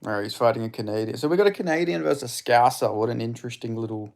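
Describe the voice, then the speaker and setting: Streamer australien à la voix rauque. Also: male voice, mid-range voice, fast talker, creaky, a little mellow. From Perth, Western Australia. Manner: laid-back, swears freely, chats with viewers. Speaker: streamer hosting a live fight watch-along. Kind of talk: casual live commentary.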